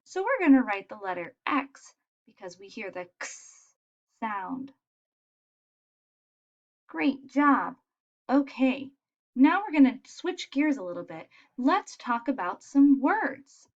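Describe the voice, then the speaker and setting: A woman teaching young children letter sounds in a patient, encouraging way, modelling each sound clearly. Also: on the high side, big pitch swings, slow, lo-fi sound. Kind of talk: phonics lesson for young children.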